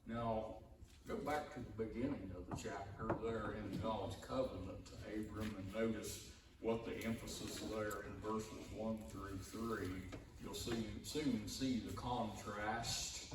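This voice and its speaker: Slow-preaching man in an echoey church. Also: fairly low pitch, expressive. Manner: slow, conversational preaching with rising emphasis on quotes. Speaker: pastor. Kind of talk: sermon. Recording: echoey hall, distant mic, room noise.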